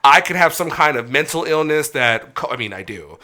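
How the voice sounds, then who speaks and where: With a slightly high voice and a fairly quick pace, a casual podcast host rants in a heated, animated way and curses plenty. His storytelling is lively and profane.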